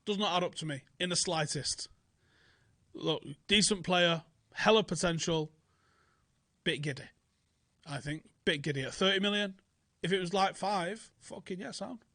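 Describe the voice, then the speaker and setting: Lad ranting about transfers, bit high voice, swears a lot, dry close sound. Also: male voice, normal speed, long pauses, bright, forceful tone, no echo. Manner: blunt, sweary, incredulous ranting. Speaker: football channel host. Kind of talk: casual transfer talk commentary.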